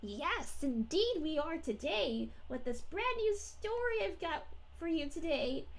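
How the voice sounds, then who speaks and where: A woman's voice: extremely high pitch, very animated, a little slow, vocal fry, full character voice. A woman voicing a cheerful young princess as a VTuber, greeting her stream viewers in a gushing, sing-song way. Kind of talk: in-character livestream chat.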